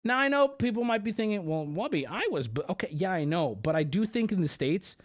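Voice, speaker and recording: A man's voice: high-pitched, expressive, a little fast. A man streaming live and chatting casually, ranting and swearing, and mimicking people in exaggerated voices.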